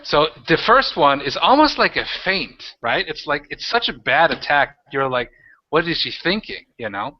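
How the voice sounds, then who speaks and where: A man narrating as game master of a tabletop role-playing game, talking in halting, rambling bursts with many restarts. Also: a little high, animated. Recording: dull lo-fi audio.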